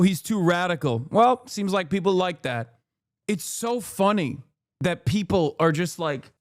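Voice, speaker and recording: An American man with a fairly high voice rants sarcastically through live political commentary. His swearing talk is quick and biting, recorded close and very dry. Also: no room sound. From United States. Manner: sarcastic, fast, profane ranting.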